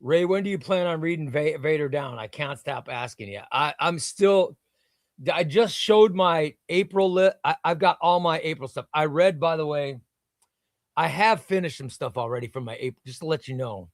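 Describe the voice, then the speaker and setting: A man's voice: fairly high pitch, moderate pace, no echo, studio quality. A man hosting a casual comics livestream, chatting loosely and reading viewer comments aloud. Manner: hypes sponsor in a shouted ad read. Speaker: livestream host.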